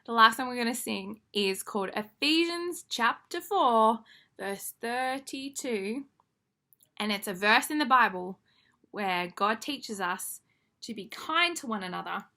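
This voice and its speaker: A woman's voice: fairly high pitch, lively intonation, measured pace, pushed and bright. A young woman leading a children's church lesson to camera, talking in an upbeat, encouraging way to young children.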